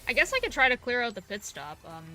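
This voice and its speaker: A woman's voice: a little high, huge pitch swings, quick pace, sharp tone, soft background music. A young woman streamer chatting casually and laid-back while she plays. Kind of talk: casual chat while gaming.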